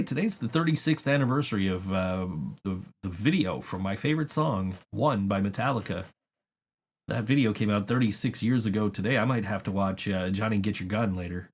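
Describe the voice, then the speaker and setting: A man hosting a podcast, chatting casually and rambling through stories with frequent swearing and laughs. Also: fairly low pitch. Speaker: podcast host. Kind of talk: casual chat.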